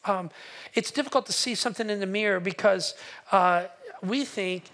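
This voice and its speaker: High-voiced, animated man preaching a sermon. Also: normal speed. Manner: animated, acts out quoted voices and exclamations. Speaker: pastor. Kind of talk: sermon with a storytelling bent.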